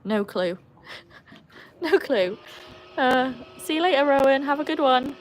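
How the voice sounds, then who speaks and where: Chatting to her viewers during a relaxed live stream outside in the shade, an Englishwoman speaks at a moderate pace, her voice shooting up excitedly when she calls to her dogs. The audio quality is poor, with a little background noise.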